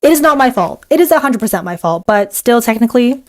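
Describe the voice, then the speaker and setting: A woman's voice: fairly high pitch, lively intonation, fast talker, few pauses, soft background music. A young woman chatting casually while she draws, rambling and joking at her own expense, her words a little muffled by a retainer. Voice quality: slight retainer-muffled speech. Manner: chatty, self-deprecating, rambling. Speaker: art vlogger. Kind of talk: casual drawing vlog commentary.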